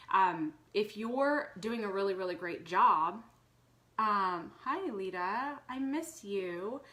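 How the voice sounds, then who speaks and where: A woman's voice: medium pitch, a bit bright. A woman in her thirties talking casually to her viewers, earnest and chatty with many fillers. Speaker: vlogger. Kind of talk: casual live talk to viewers.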